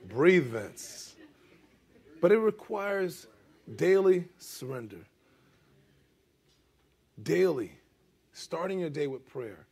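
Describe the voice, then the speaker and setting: Casual, high-voiced male pastor preaching. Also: very animated, slow, gravelly, pauses often, dark tone. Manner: conversational, uses "amen?" and "bro" asides. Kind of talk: sermon.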